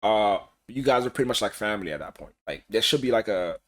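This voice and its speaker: A man co-hosting a podcast, chatting casually and acting out quotes in animated bursts. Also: lowish voice, fast. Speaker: podcast co-host.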